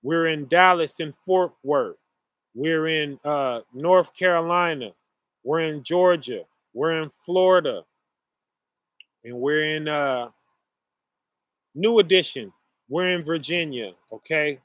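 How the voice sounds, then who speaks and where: Slow-talking man chatting to viewers. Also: fairly high pitch, a bit bright, no echo. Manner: slow, rambling, many fillers, addresses audience as y'all. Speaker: online show host. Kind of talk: casual monologue to viewers.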